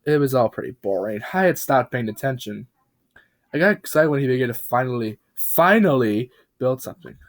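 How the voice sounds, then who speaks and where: A man narrating a parody creepypasta in a mock-serious, deadpan tone with dramatic pauses. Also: medium pitch.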